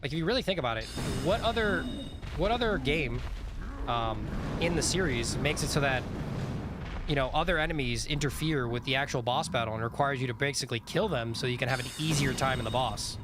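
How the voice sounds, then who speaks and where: A man's voice: mid-range voice, fast, heavy background noise. Rambling male game streamer. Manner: rambling, chatty, lots of fillers. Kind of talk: casual live-stream commentary.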